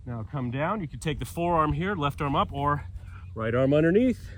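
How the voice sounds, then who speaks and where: A man's voice: fairly high pitch, lively intonation, normal speed, fairly bright tone, slight background noise. A man leading a yoga workout outdoors, cueing poses with joking asides, breathing hard from the exercise. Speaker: yoga instructor. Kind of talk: guided workout instruction. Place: outdoors with a mountain view.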